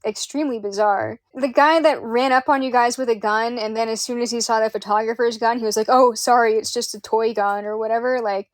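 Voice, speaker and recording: A woman's voice: fairly high pitch, steady tone, fairly quick, few pauses, no echo, clean studio sound. A woman hosting a podcast interview, reacting with astonishment and thinking aloud in a casual chat. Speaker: podcast host.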